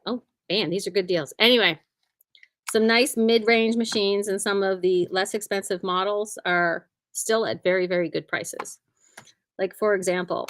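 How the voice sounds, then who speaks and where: Speaking at medium pitch with fairly even intonation and normal speed, a quilting shop owner cheerfully describes how sales are going in her store. The recording is dry, and she keeps humming and saying "like" in her chatty, upbeat way.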